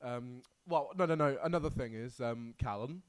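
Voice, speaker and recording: A man co-hosting a casual podcast who giggles and blurts out remarks, dropping to mumbles between louder outbursts. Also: medium pitch, moderate pace, slight background noise. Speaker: podcast co-host. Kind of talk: casual chat.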